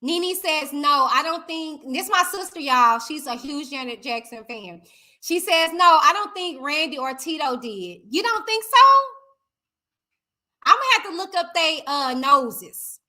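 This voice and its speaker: A woman's voice: sits high, measured pace. A woman hosting a casual live stream, chatting and reading out viewer comments, talking straight to her viewers. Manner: chatty, animated, addresses viewers directly as y'all.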